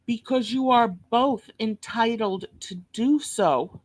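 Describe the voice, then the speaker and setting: Slow, profane New York woman ranting. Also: fairly high pitch, darkish tone. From Brooklyn, New York. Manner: blunt, cursing, scolding rant. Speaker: reaction video host. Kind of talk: profane reaction commentary.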